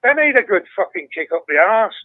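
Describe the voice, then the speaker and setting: A man calls in to a football phone-in and chats loosely, cursing constantly and laughing as he goes. His voice sits high. It comes through a thin, tinny phone line with a dry, close sound. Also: very animated, a little fast, no echo. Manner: swears constantly, laughs easily, rambling. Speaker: caller. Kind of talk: casual phone-in chat.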